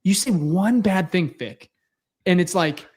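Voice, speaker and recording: Young male podcast co-host, slightly high voice, blunt and frustrated post-game rant. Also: measured pace, darkish tone, slightly rough. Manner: frustrated, blunt, swears, repeats himself.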